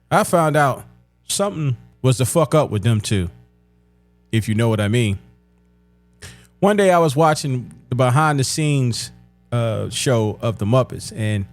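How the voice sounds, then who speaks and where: A man telling crude, profane comedy stories in street slang, with a drawn-out delivery, often breaking into laughter. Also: mid-range voice. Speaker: stand-up comedian. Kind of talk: comedic storytelling.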